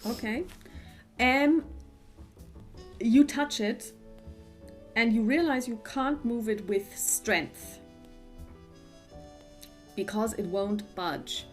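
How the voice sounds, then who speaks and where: A woman who narrates scenes as the game master, with frequent pauses and fillers. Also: a little high, faint music behind. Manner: descriptive, with frequent fillers and restarts.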